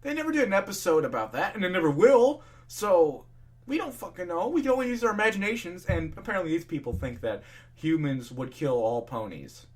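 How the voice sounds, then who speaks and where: A man's voice: high-pitched, sing-song, fairly quick. A young man casually reading fan fiction aloud, swearing freely and ranting in between. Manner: profane ranting, laughs at the text.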